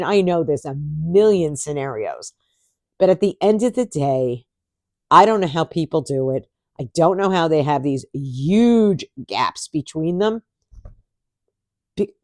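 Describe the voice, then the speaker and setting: Chatty sarcastic woman vlogger, lively pitch. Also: dry recording, studio quality. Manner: chatty and sarcastic, laughs often. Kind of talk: casual chat to camera.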